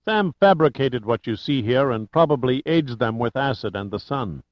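A man's voice: mid-range voice, lively intonation, normal speed, dry recording, close to an everyday voice. A man voicing a serious, skeptical male character, in a dull lo-fi recording. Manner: serious, doubting.

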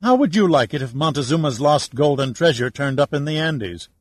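An indignant woman scholar, as a male narrator puts her on, her words clipped and sharp. The reading is crisp and close with no room sound around it. She stays pushed up high and hot throughout. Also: animated, fairly quick, no room sound. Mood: angry. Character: woman, fierce angry archaeologist.

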